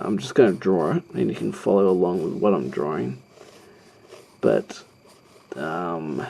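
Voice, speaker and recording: A man with a fairly low, gravelly voice of dark, husky tone hosts an art tutorial. Sketching as he goes, he narrates the live drawing in a hesitant, rambling manner full of ums and self-deprecating asides.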